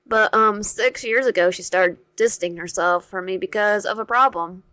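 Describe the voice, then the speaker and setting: A shy teenage boy from a story game, read by a woman, speaking softly and haltingly as he stumbles over words. The voice sits in a middle register. The sound is dry, with no room around it. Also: medium pitch, no room sound, lightly acted. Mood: hurt. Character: shy, troubled teenage boy, soft-spoken.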